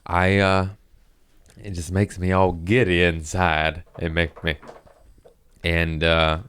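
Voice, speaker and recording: A comedian in his thirties tells a loose, rambling story on his own podcast, stopping to laugh and to talk to his cats. His voice sits very low, and it is smooth and clear. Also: flat delivery, slow pace, a bit bright. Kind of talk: casual storytelling monologue.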